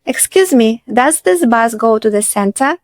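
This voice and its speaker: A woman, a teacher narrating a slow scripted lesson and repeating phrases for learners. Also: on the high side, expressive, no room sound. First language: Russian. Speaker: Russian teacher.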